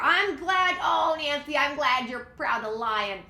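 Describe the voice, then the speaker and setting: A woman rants in a heated, sarcastic way, firing back at every quote she reads. Her voice is high-pitched, bright and sharp. The room around her has a clear echo. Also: expressive, a little slow, hardly any pauses. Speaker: political commentary vlogger. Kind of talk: heated casual commentary.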